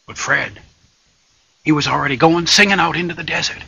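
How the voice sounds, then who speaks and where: A man telling a folk tale in a lively, folksy way, dropping to loud whispers for suspense, with a raspy voice. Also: on the high side, moderate pace, no room sound. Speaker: storyteller. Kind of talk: told folk tale with sung bits.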